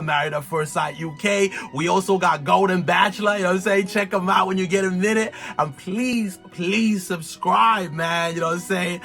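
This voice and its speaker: A man giving an excited, slangy recap of a TV show, laughing and exclaiming often. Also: high-pitched, vocal fry. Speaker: TV recap vlogger.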